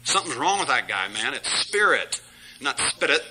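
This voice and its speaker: A man's voice: mid-range voice, sing-song, moderate pace, very noisy. A middle-aged man preaching an emphatic Bible study sermon as pastor, chuckling at his own jabs.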